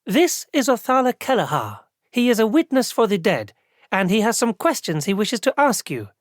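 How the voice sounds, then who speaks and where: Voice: mid-range voice, big pitch swings, moderate pace, no echo, studio quality, voice pushed up, natural voice. A narrator voicing a composed woman who supervises office clerks, speaking formally and politely.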